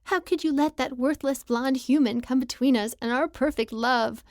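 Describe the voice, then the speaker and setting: A melodramatic pet pig, jealous and heartbroken, voiced high and plaintive by a woman for a romance audiobook. Her complaint comes through a dry, close recording. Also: moderate pace, no room sound. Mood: reproachful. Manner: wounded and reproachful.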